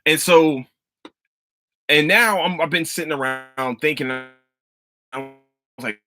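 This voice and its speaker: A man hosting a casual solo podcast, talking loosely and excitedly with plenty of swearing. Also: fairly high pitch, takes it slowly, pauses often. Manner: loose, profane, excitable storytelling. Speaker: podcast host.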